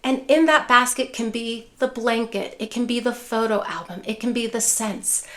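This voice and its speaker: Soft-spoken female care educator, middle-aged, slightly high voice, gentle teaching tone. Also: normal speed. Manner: soft, soothing, repeats "care partners", drops to a gentle hush for example phrases. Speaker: neuropsychologist and dementia care educator. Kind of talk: instructional video talk.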